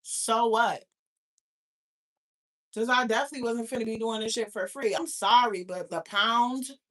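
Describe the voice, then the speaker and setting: Young woman from New York, livestream host; bright, higher voice, profane and animated rant. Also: measured pace. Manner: profane, animated, talks back to chat.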